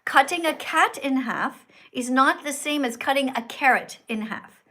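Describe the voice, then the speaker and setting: A woman's voice: high voice, measured pace, pushed and bright. A woman hosting a livestream video call, lecturing insistently and often cutting in. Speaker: livestream host. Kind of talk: livestream chat.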